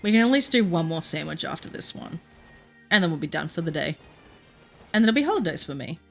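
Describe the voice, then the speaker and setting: An Australian woman streaming a game, chatting casually and rambling through a story with frequent laughs and quick asides. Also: deep voice, very animated, gravelly, a bit bright, soft background music. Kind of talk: casual chat while playing.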